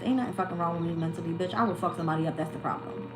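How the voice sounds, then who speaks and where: A woman's voice: lowish voice, rapid-fire, hardly any pauses, over music, rough recording. A woman giving a casual live-stream tarot reading, talking bluntly and swearing freely. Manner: blunt, profane, candid. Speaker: tarot reader.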